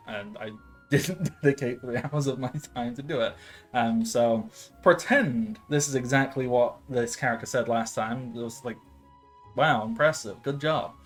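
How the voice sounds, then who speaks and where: A man in his late twenties running a tabletop game as game master, rambling with lots of filler sounds and frequent laughs. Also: mid-range voice. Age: late 20s. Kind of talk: casual tabletop game narration.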